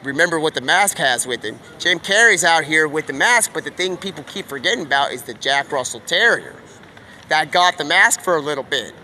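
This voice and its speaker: A man with a high, bright voice rambles on in casual slang, leaping from one idea to the next with excitable energy. He is outdoors, with faint street and vehicle noise behind him. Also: a little fast. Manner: excitable, slangy, jumps between topics. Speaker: live streamer. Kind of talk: rambling stream-of-consciousness monologue.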